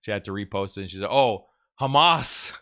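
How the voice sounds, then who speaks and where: A man's voice: deep voice, monotone, very fast. A man hosting a commentary show, talking casually in a sarcastic, mocking way and chuckling often. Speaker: host.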